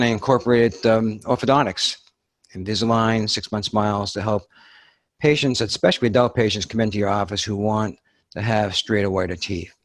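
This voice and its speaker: A man's voice: fairly low pitch, no echo. An older man with a Boston accent, a dentist telling his story as a podcast guest. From Boston area, USA. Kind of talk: podcast interview.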